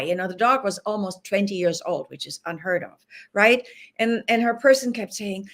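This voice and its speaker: A woman's voice: medium pitch, normal speed, a bit bright. A woman being interviewed as an animal hospice guest, speaking earnestly and acting out what people and pets say. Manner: earnest, acts out quoted dialogue. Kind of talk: interview conversation.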